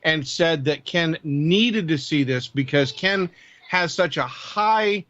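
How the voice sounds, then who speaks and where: A man's voice: on the high side, slow, fairly bright tone, no echo. A man co-hosting a casual live stream and presenting news stories, talking emphatically and repeating his words. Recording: dull lo-fi dry mic.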